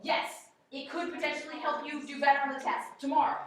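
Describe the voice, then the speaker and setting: A woman's voice: sits high, flat delivery, a little fast, recorded from a distance, slight background noise. A woman teacher giving a classroom lecture, chatty and checking in with her students with frequent okays. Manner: conversational, frequent "okay?" check-ins. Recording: very echoey classroom.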